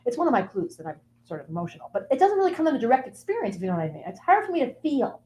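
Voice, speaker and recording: A woman's voice: on the high side, huge pitch swings, very fast, darkish tone. A woman guest delivering a playful, rambling comic monologue in character, with sing-song asides.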